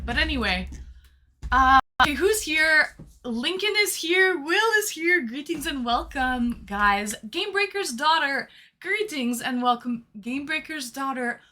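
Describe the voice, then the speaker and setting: A woman's voice: high-pitched, expressive, slow, pushed and bright. A woman hosting a livestream, greeting viewers one by one in playful casual chat and calling them sweeties, from a small room. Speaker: livestream host.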